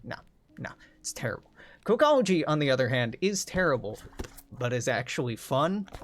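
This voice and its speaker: A man's voice: medium pitch, big pitch swings, moderate pace, slight background noise. Sardonic, profane young man rambling. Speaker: gaming channel host. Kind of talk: casual rambling commentary over gameplay. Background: background music.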